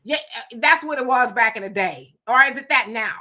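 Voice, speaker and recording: A middle-aged woman hosts a relaxed live stream, a little high in pitch with a bright, forceful tone. She chats freely, laughs often and answers her viewers as she goes. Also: fairly quick. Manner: chatty, laughs often, talks back to viewers. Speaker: live-stream host reading chat. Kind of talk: casual live-stream chat.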